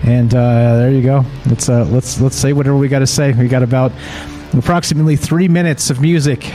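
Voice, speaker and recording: A man hosting a radio show, chatting and thanking listeners, with many halting restarts and easy laughs. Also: medium pitch, steady tone, warm tone. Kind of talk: casual closing chat. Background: music playing.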